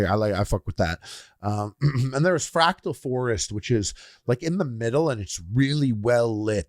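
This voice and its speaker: A man's voice: medium pitch, dry recording, clean studio sound. A man co-hosting a casual podcast, telling a long rambling story with lots of "like" and acting out the sounds and voices in it. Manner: rambling, animated storytelling full of "like"; acts out sounds and quoted voices while telling stories. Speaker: podcast co-host.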